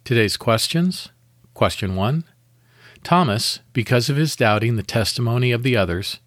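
A man hosting a devotional podcast, leading a guided meditation and prayer in a calm, measured, deliberate way. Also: medium pitch, dry recording, studio quality.

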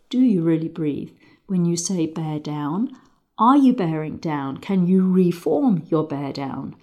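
A woman of middling pitch talks a rider through a mental exercise, calm and measured. She guides with gentle questions and leaves pauses for reflection. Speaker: riding instructor. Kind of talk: guided visualisation lesson.

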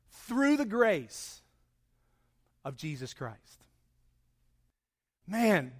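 A man's voice: very high voice, fairly bright tone. A man preaching a sermon to his congregation, telling a story conversationally and then raising his voice with emphasis. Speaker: pastor. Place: church service.

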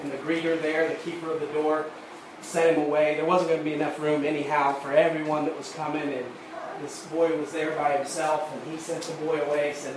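A man preaches in a church, recorded from a distance so his voice rings through a very echoey room. A steady hiss of noise sits under him. His pitch is a bit higher than most men's, and he works up to fervent emphasis. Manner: halting, repeats words, builds to fervent emphasis. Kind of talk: sermon storytelling. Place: church sanctuary.

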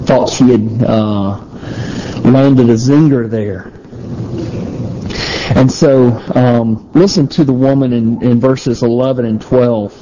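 Male preacher, mellow tone, conversational sermon delivery, slightly muffled recording with faint background noise. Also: mid-range voice, takes it slowly. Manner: conversational Bible teaching with frequent restarts.

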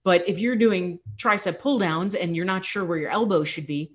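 A woman's voice: on the low side, normal speed. A young adult woman fitness coach hosting a podcast, talking candidly and encouragingly, with laughs slipping in. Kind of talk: casual motivational podcast talk.

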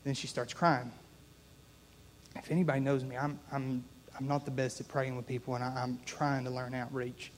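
A man's voice: medium pitch, little pitch movement, moderate pace. A young man delivers a storytelling sermon in a mid-range voice. He talks earnestly and conversationally, then rises into urging his congregation on. Faint noise sits under his voice. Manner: earnest, conversational, building to exhortation. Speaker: preacher.

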